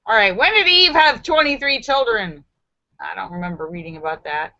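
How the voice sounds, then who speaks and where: A woman's voice: medium pitch, big pitch swings, normal speed, sharp tone, no echo. A woman hosting a live stream, reading viewers' jokes aloud with theatrical flair, chatty asides and frequent laughter, on a dull, lo-fi computer microphone. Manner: theatrical, jumps into voices and shrieks for punchlines. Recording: dull lo-fi dry sound.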